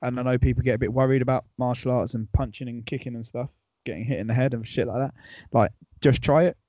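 A man's voice: medium pitch, steady tone, fast, mellow, no room sound. A man on a podcast panel and a Saturday youth football coach, who speaks earnestly and restarts his sentences often. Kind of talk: casual podcast chat.

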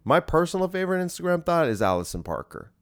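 A man hosting a solo podcast, ranting in an exasperated, animated way with plenty of swearing. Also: a little high, fast talker, dry recording, studio quality. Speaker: podcast host. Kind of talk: casual solo podcast rant.

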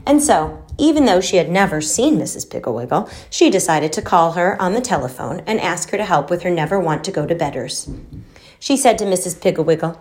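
A woman's voice: on the low side, expressive, a little mellow. Woman reading a children's book aloud. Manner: measured, storytelling. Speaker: narrator.

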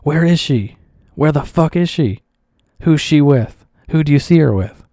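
A man voicing an angry young man who yells frantically while searching for someone. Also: a little high, expressive, unhurried, no echo, studio quality, pitched above the performer's own voice. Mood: frantic yelling. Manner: yelling, frantic.

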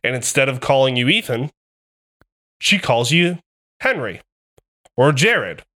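A man co-hosting a casual podcast chat. He tells excitable stories that are full of swearing. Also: medium pitch, a little slow. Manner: excitable, profane storytelling. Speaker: podcast co-host.

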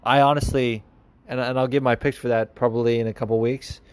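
A man's voice: mid-range voice, level tone, a little fast, darkish tone, clean tone, no room sound. A man hosting a podcast, answering listener questions in casual, rambling chat with lots of fillers and restarts. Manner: rambling, many fillers and restarts, laughs often. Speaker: podcast host.

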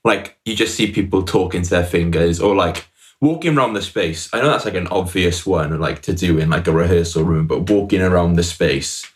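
A man's voice: sits low, fairly quick. A man co-hosting a casual chat, talking loosely with constant filler words.

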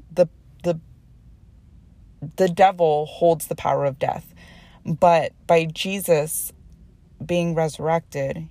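A woman speaks in a low, unhurried voice on her own podcast. Her talk is earnest and full of feeling, with frequent restarts and fillers. The sound is dry and close. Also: darkish tone, no echo. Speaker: podcast host. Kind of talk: personal faith podcast monologue.

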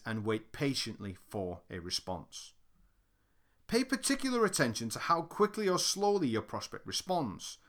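A man's voice: medium pitch, fairly bright tone. A man reading his own sales book aloud as instructional narration, emphatic and direct like a coach.

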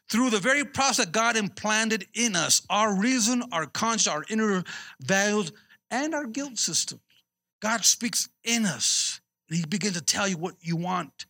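A man preaching as a pastor, telling a personal story and calling out to his congregation with repeated words. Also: sits high. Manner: animated, repeats himself, calls out to the congregation.

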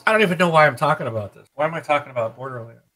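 Chatty bright-voiced man rambling. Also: a little high, rapid-fire, rough recording. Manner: rambling, animated, laughs often. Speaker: podcast co-host. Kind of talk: casual gaming chat.

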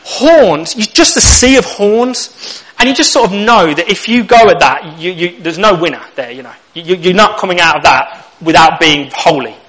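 A man's voice: sits high, lively intonation, normal speed, fairly bright tone, poor audio. A young man preaching a sermon, telling stories with humor and acting out little exchanges. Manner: humorous storytelling, acts out lines.

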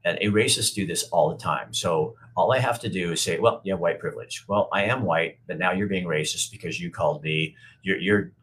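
A man's voice: low voice, brisk, a bit bright. A middle-aged man hosting a casual livestream, reading viewer comments aloud and answering them in a blunt, rambling way with frequent swearing and restarts. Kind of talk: casual unscripted livestream talk.

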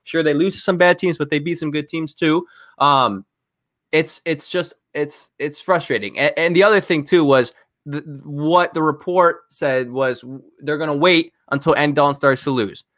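A man co-hosting a sports podcast, ranting in an animated, exasperated way and firing off rhetorical questions. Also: on the high side, normal speed, dry recording, studio quality. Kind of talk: heated sports talk.

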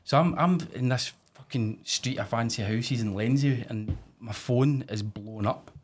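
A man's voice: mid-range voice, a little slow, a little hiss or hum. A man with a Glaswegian accent hosting a podcast, telling sweary stories in casual chat. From Scotland. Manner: sweary, storytelling, animated when excited. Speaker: podcast host.

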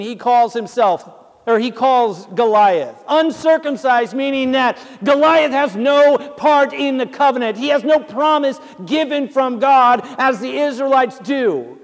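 A man's voice: very high-pitched, measured pace, in a large hall. A male pastor preaching a sermon, telling the story dramatically and asking his listeners rhetorical questions.

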